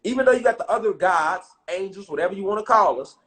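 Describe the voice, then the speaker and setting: High-voiced man, animated, profane street-slang storyteller. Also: fast. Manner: gets loud and excited at times. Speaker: speaker. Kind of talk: casual spiritual storytelling.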